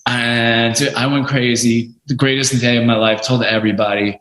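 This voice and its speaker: A man guesting on a podcast who tells stories casually and swears freely. His voice sits in an ordinary middle range. The recording is roomy, with clear echo. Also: mid-range voice, moderate pace. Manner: animated, swears freely, acts out quotes. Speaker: podcast guest, music lawyer. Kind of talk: casual storytelling. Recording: echoey room.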